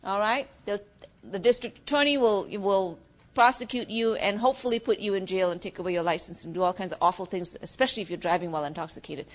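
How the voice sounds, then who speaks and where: A woman's voice: mid-range voice, quick pace, lo-fi sound. A middle-aged woman giving a classroom lecture as a nursing instructor, talking conversationally, asking the class questions and saying "okay" often.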